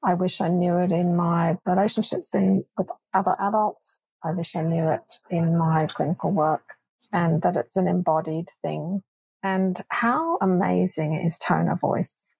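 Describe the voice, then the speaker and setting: A woman being interviewed as a doctor and researcher, explaining her ideas in a thoughtful, measured way. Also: fairly low pitch, fairly even intonation, vocal fry, darkish tone, breathy edge, dry recording, poor audio. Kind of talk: reflective interview answers.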